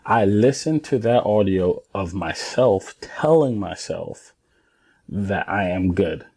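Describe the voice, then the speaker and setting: Earnest low-voiced man coaching. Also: animated, takes it slowly, dark tone, husky. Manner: earnest, emphatic, repeats points for stress. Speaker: former pro baseball player coaching parents and kids. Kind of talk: casual instructional talk to camera.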